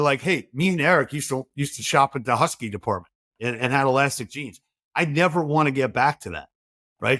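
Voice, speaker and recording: A middle-aged man, a podcast guest, talking in a lively conversational way and acting out quoted dialogue from his own stories. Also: medium pitch, no room sound, studio quality. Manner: animated storyteller, acts out quoted dialogue.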